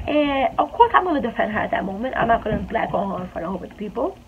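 A woman telling a storytime vlog in an animated, chatty way, repeating phrases for emphasis. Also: mid-range voice, racing. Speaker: beauty vlogger. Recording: tinny phone-like sound with faint hiss.

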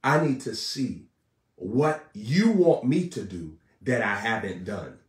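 A man preaching a live sermon in a fiery, repetitive style, building to shouts. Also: on the low side, animated, slow pace, roomy sound, far from the mic.

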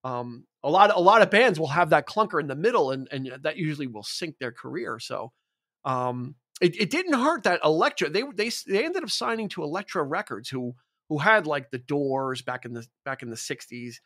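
A man with a somewhat high voice talks at length on a casual music podcast. He is enthusiastic and rambling, with plenty of fillers and restarts as he works through his thoughts. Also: lively intonation, moderate pace, fairly bright tone. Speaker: podcast co-host.

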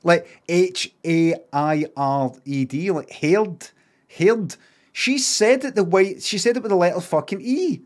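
A middle-aged man with a Glaswegian accent, chatting casually on a live stream, animated and emphatic and swearing freely. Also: sits high, a little slow.

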